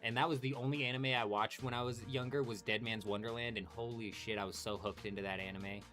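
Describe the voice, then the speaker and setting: An animated young man hosting a live game stream, talking straight to his chat with plenty of swearing. His voice sits at a plain middle pitch for a man, and faint music plays underneath. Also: fast. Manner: animated, swears a lot, talks to chat by name. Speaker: livestream host.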